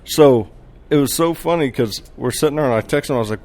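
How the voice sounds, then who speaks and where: A man appearing as a podcast guest, telling stories in casual chat, animated and full of laughter, often restarting his sentences and acting out quoted lines. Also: medium pitch, a little fast, a little hiss or hum. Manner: acts out quoted dialogue.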